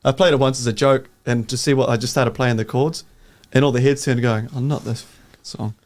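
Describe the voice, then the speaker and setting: A man's voice: medium pitch, fairly even intonation, brisk. Jokey male chat-show host. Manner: chatty, jokey. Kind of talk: casual chat.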